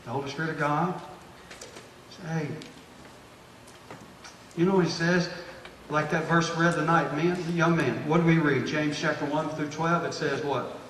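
A man, a pastor preaching a sermon to his church group, exhorting and repeating phrases as he builds to loud, emphatic bursts. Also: fairly high pitch, steady tone, normal speed, long pauses, slight background noise. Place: church hall. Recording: echoey hall, distant mic.

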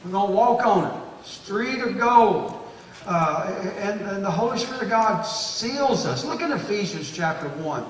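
A man's voice: high-pitched, expressive, measured pace, slight background noise. A man preaching a sermon in an emphatic, folksy way with homespun humor. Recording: echoey room from far off.

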